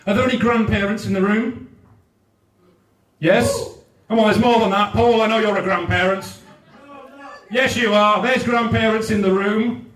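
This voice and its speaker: A man in his thirties from South Wales does brash, sweary stand-up for a live crowd. His fairly high voice rings around a roomy venue and sounds a little distant from the mic. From Newport, South Wales. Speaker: stand-up comedian. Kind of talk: stand-up routine. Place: live comedy venue, large room. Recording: echoey room heard from a distance.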